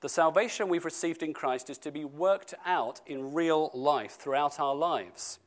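A man preaching a sermon to his church, stressing key words and slowing down for scripture. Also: on the high side. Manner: emphatic, slows down for scripture, speeds up for asides.

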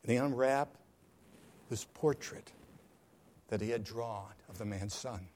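A male pastor telling a story in a sermon, dramatic, swinging from hushed tones to loud cries. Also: medium pitch, unhurried.

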